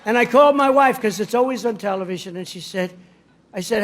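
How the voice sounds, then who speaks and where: A man's voice: very high voice, moderate pace. A man giving a rally speech in a rambling, boastful, digressive way. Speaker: politician addressing a rally.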